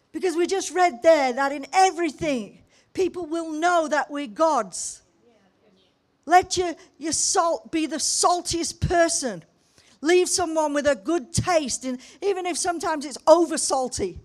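An older woman pastor preaching a sermon, telling everyday stories with humour and emphatic pauses. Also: high-pitched.

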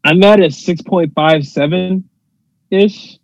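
A man's voice: high-pitched, slow, gravelly, no room sound, dull audio. A man in a casual movie review chat, thoughtful and hedging as he weighs his opinion.

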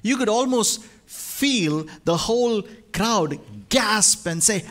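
A male pastor preaching a sermon, moving from hushed, slow lines to loud, emphatic ones. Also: sits high.

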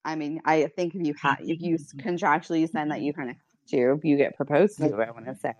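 A woman co-hosting a podcast, chatting casually and tossing in dry, matter-of-fact comments. Her voice sits a little low, recorded close and dry. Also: fairly even intonation, fast, no echo. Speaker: podcast co-host. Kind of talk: casual chat.

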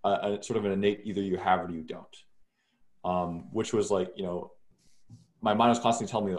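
A man's voice: deep voice, fairly even intonation, brisk, darkish tone. A man as an interview guest, talking casually and loosely with many fillers and restarts, over what sounds like a video call.

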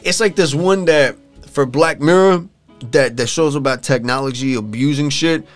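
A man's voice: a little high, normal speed, faint music behind. A young man casually retelling a TV episode to friends, swearing freely and filling his talk with "like" and restarts. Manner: loose, profane storytelling full of fillers. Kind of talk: casual chat.

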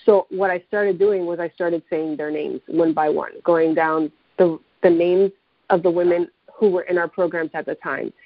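A woman's voice: fairly low pitch, fairly even intonation, moderate pace, dry recording. A woman coach telling a personal story in a candid, emotional way, often restarting her sentences. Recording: dull, dry lo-fi recording.

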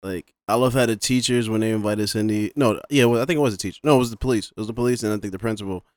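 A man co-hosting a casual movie podcast, laid-back and quick to laugh as he retells scenes. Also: lowish voice, dry recording. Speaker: podcast co-host. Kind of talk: casual movie review chat.

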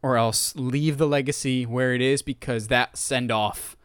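A man co-hosting a casual podcast, retelling scenes in an animated way and acting out the lines. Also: mid-range voice, unhurried, clean tone, no echo, studio quality. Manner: animated storytelling, acts out quotes. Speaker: podcast co-host. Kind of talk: casual chat.

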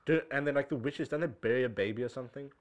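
A man's voice: medium pitch, rapid-fire. A man from South Africa in casual, joking chat, laughing often and slipping into mock voices.

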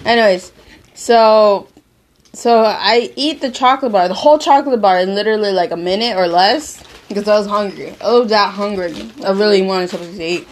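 Animated young woman telling a story. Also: mid-range voice, brisk. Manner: animated, slangy, laughs often. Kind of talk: casual storytelling chat.

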